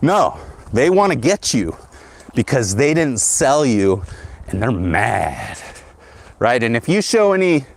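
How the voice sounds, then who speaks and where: A man hosting his own show, ranting in a monologue and tagging his lines with "right?". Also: mid-range voice. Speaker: podcast host.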